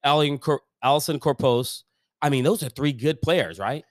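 A man's voice: fairly high pitch, moderate pace, dry recording, studio quality. A man co-hosting a casual golf podcast, enthusiastic and rambling, often trailing off mid-thought. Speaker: podcast co-host.

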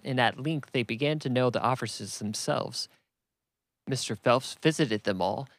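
A man's voice: medium pitch, no room sound. A man reading a classic novel aloud as a plain audiobook narration, voicing the characters only lightly. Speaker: reader.

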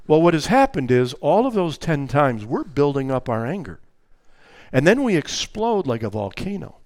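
With a voice on the high side and a moderate pace, a grandfather preaches about raising children, recorded without echo. He delivers it emphatically and with animation, playing out family dialogues.

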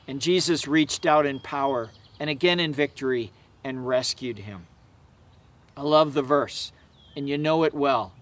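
A man's voice: medium pitch, measured pace. A man preaching a sermon in an emphatic, conversational way, with casual asides and fillers. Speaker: pastor.

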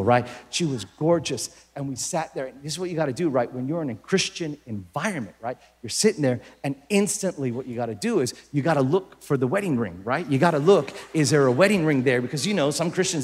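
A man doing stand-up, telling a story in an animated way and often checking in with "right?" asides. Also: on the high side. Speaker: comedian.

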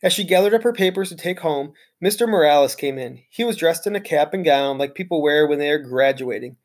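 A reader narrating a children's storybook aloud in an expressive, lively way. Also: mid-range voice, fairly quick.

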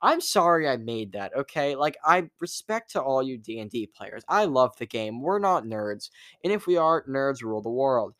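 Guy rambling thru a movie review, cussing a lot, smooth clear voice, dry sound. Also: medium pitch, moderate pace, dry recording. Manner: rambling, swears freely, restarts and self-corrections; animated, laughs at his own stories.

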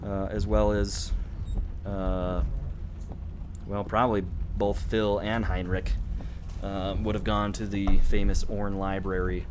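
A man's voice: lowish voice, little pitch movement, slow pace, noisy background. A man narrating a tabletop horror game as game master, rambling loosely with lots of fillers.

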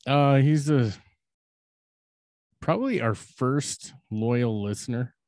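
A man's voice: mid-range voice, slow, darkish tone, dry recording, clean studio sound. A young man co-hosting a casual podcast, rambling and crude, mocking himself and laughing often. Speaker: podcast co-host.

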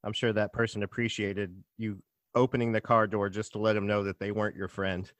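A man's voice: fairly low pitch, little pitch movement, a little fast, fairly bright tone, dry recording. A man from Arkansas, a bartender and podcast guest, telling stories in an easygoing way with dry humor. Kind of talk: casual chat.

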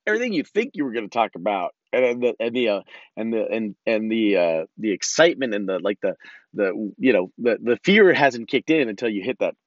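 A man's voice: lowish voice, expressive, brisk, no echo. Rambling, profane man with a dull, dry sound. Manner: rambling and profane, with frequent restarts; ranting about politics. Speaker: podcast host. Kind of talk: solo podcast monologue.

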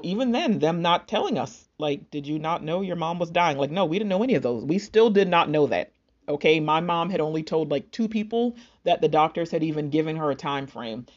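A woman's voice: sits low, darkish tone. A young woman earnestly recounting a personal loss and her faith, in an emotional, storytelling way. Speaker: speaker sharing a personal testimony. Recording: dull lo-fi sound.

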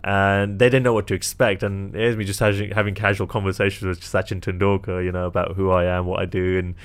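A young man, a magician, casually telling animated stories and quoting people, laughing often. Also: sits low, fast talker, clean tone. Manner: animated storyteller, quotes others, laughs often. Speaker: magician and entertainer. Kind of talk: casual chat.

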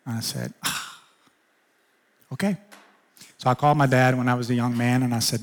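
A man's voice: unhurried, long pauses, big-room sound. A male pastor preaching a sermon, telling a personal story and acting out conversations. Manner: personal storytelling, acting out dialogue with sudden pitch jumps.

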